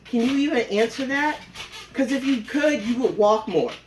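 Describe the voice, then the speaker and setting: A woman's voice: fairly high pitch, lively intonation, moderate pace, background noise. A woman vlogging from her home on a phone camera, talking while she rides an exercise bike and bluntly scolding a rival with plenty of profanity. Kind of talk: confrontational callout vlog.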